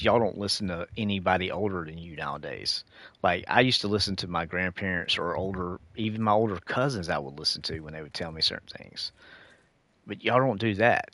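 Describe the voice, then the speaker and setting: A man's voice: sits low, fairly bright tone, no room sound. A middle-aged man ranting casually to his viewers while gaming, preachy and lecturing, calling them dude and y'all. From United States. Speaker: gaming streamer.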